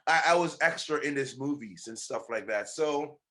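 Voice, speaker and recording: A man hosting a podcast in casual chat, animated and laughing, repeating himself for emphasis. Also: medium pitch, normal speed. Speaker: podcast host.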